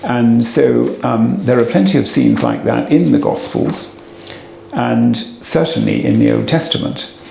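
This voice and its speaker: An older man, a retired cathedral dean, giving a halting, reflective talk to an audience, with many fillers and restarts. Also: mid-range voice, vocal fry, dark tone. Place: assembly room before an audience. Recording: echoey hall, faint room noise.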